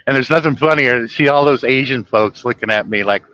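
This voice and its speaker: Bright-voiced man telling stories. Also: mid-range voice, dry recording, dull audio. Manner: chuckling often, animated when quoting others. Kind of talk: casual storytelling monologue.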